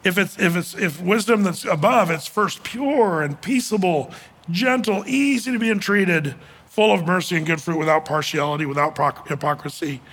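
A man's voice: sits high, normal speed, a bit bright, slightly rough. A man giving a casual Bible teaching as a pastor, chatty and emphatic, with frequent fillers and restarts.

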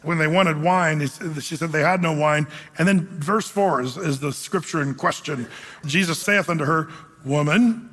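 Male pastor with a high voice, lively, humorous preaching, recorded in a church sanctuary with long reverb. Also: normal speed. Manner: conversational, animated preaching with humor. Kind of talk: sermon.

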